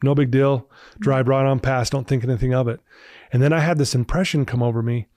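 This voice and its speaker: Man, 50s, earnest storyteller on a podcast, mid pitch, dry close sound. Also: steady tone, a little fast, darkish tone, no echo. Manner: earnest, emotional personal storytelling. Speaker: podcast guest, recovery speaker.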